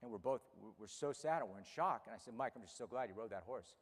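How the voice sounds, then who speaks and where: Halting, low-voiced man in his fifties. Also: animated, big-room sound. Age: 50s. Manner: halting, repeats words when upset. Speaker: racehorse owner and radio host. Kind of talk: emotional personal speech to an audience. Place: room with a live audience.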